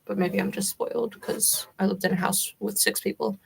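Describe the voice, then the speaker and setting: A young woman with a light Southern accent chats casually with her livestream audience. Her voice carries a gravelly vocal fry, and she rambles with fillers and giggles, her pitch sitting right in the middle. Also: fairly even intonation, normal speed. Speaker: livestream host. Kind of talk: casual chat with viewers.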